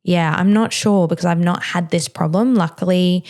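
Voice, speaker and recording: A woman's voice: on the low side, normal speed, darkish tone. A woman hosting a podcast, a mother answering listener questions in a frank, chatty way, with plenty of "like" and "you know". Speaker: podcast host. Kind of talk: casual advice chat.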